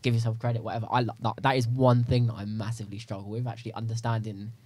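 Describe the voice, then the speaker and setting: A young man, a podcast guest, talking in a rambling, animated way in casual chat. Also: lowish voice, no echo. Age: young adult. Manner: fast, rambling, animated storytelling.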